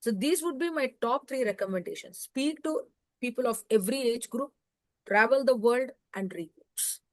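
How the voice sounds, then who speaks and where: A middle-aged woman with a fairly high voice answers interview questions, earnest and unhurried. Her advice comes in measured phrases broken by small pauses. The recording is close and dry. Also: expressive, no room sound. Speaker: podcast guest.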